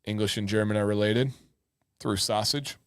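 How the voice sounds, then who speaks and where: A man's voice: lowish voice, fairly even intonation, normal speed, clean tone. A young man co-hosting a live-stream chat show, joking about himself and reading out viewer comments. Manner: jokey, self-deprecating, reads out chat comments. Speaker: podcast co-host.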